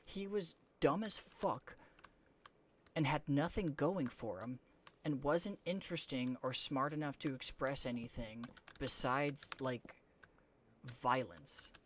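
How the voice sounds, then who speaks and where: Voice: mid-range voice, takes it slowly, slight background noise. A young adult streamer chatting casually during a game stream, rambling with lots of "like" and blunt swearing. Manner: rambling, heavy use of "like", frank swearing.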